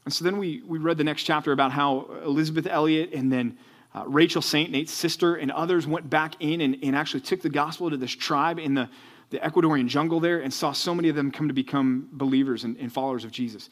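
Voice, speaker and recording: A man preaching to students. He speaks earnestly, repeats words as he gets going and builds up to loud, fired-up emphasis. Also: a little high, fast. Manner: repeats words when excited. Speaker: youth pastor. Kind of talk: sermon to students.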